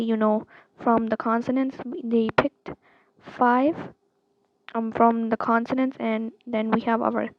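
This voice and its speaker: A woman teaches letters in an easygoing online lesson, her voice a little high and gravelly with fry. She takes her time and repeats each sound again and again, leaning on fillers. The recording is somewhat dull and lo-fi. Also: dry recording. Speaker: language teacher.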